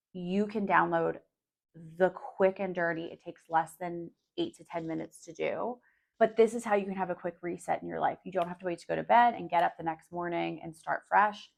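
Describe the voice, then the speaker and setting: Her voice lowish and creaky, a woman hosts a casual solo podcast, addressing listeners directly in a coaching way. She is candid and swears freely, with plenty of "like" and "um".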